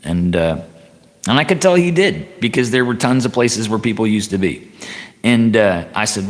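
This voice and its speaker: Livestreamer, male, low voice, rambling halting storyteller, long reverb on the sound. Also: animated. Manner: halting, repeats himself, chatty asides.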